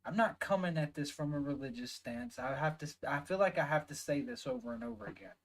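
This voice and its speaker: A man's voice: fairly high pitch, animated, fairly quick, rough recording. A man with a Southern US accent giving heated, emphatic reaction commentary, swearing often and stressing words one by one. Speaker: reaction video host.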